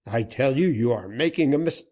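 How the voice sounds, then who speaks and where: A man's voice: medium pitch, lively intonation, moderate pace, a little mellow, lightly acted. A man voicing a frightened male banker and former outlaw, stammering and pleading as he is cornered. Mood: panicked. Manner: stammering, pleading, rising in panic.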